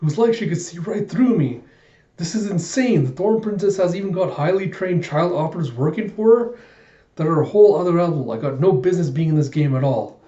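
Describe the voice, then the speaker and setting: A man's voice: sits high, very animated, unhurried, dark tone, voice pushed up. A man voicing a frantic, hapless male waiter with rising, flustered outbursts, recorded in an echoey room with dull sound. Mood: panicked.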